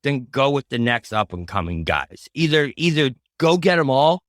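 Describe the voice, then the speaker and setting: A man's voice: mid-range voice, sing-song, normal speed, dry recording, studio quality. A man co-hosting a casual sports podcast, talking earnestly and rambling through his opinions. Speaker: podcast co-host.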